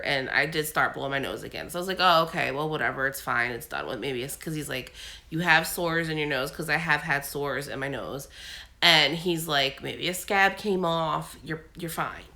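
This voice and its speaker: A woman's voice: sits low, pushed and bright. A woman vlogging casually at home, sick with a cold and her voice coming and going, telling a long rambling story full of fillers. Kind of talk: casual chat.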